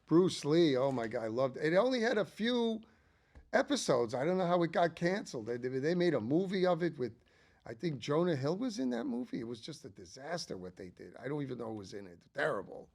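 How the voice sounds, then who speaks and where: A man's voice: on the high side, creaky. An older man hosting a casual ranking monologue, chatty and enthusiastic, rambling with frequent asides. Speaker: channel host.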